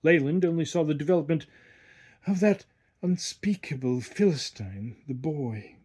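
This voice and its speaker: A man giving an expressive storytelling reading, narrating a classic short story aloud. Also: a little high, normal speed, breathy edge. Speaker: audiobook reader. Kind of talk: scripted narration.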